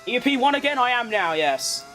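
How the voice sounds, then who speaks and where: A man giving excitable live commentary while playing a racing game, exclaiming at close moments. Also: very high-pitched, normal speed, soft background music. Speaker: gaming streamer.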